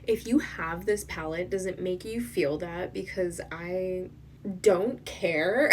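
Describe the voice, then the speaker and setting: A woman's voice: lowish voice, recorded from a distance, a little hiss or hum. A woman reviewing an eyeshadow palette, gushing and emotional, often dropping to a whisper and tearing up. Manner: gushing, emotional, slow and breathy, dips into whispers. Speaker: beauty vlogger. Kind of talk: makeup swatch review.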